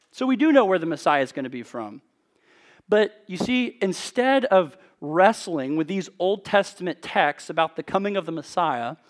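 A man preaching an expository sermon in an earnest, emphatic way, with measured rhetorical pauses. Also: high voice.

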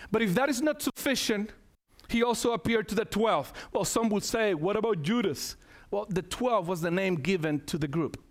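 High-voiced man preaching a sermon. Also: moderate pace. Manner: emphatic, calls to the congregation, repeats phrases.

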